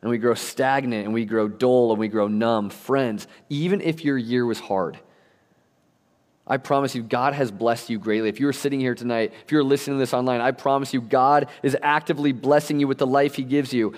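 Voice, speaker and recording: A man's voice: mid-range voice, fairly even intonation, a little fast, a little mellow. A young adult man preaching a sermon as a pastor, telling stories animatedly with casual slang. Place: church sanctuary. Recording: long reverb of a church hall.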